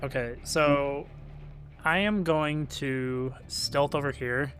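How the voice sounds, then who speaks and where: A man's voice: on the high side, slow, fairly bright tone. A man playing a tabletop game who hesitates and fills his speech with "um" and "like". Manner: hesitant, filler-laden, laughs easily. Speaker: player. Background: faint music.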